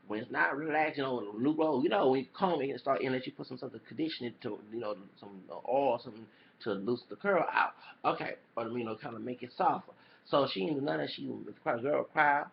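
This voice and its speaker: Gravelly man ranting on a lo-fi recording. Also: medium pitch, fairly quick, a little hiss or hum. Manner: heated, cussing, repetitive, apologizes for swearing. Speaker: YouTuber. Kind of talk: reaction commentary rant. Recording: dull lo-fi recording.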